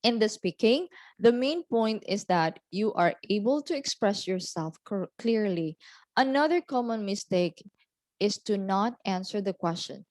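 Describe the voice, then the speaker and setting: A woman explains speaking-test skills step by step, settling each point with a steady "okay" or "so". Her voice sits in a middle range and sounds dry and close, with little room around it. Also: medium pitch, no room sound. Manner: deliberate, repeats "okay" and "so" between points. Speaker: IELTS speaking teacher. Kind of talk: explanatory lesson.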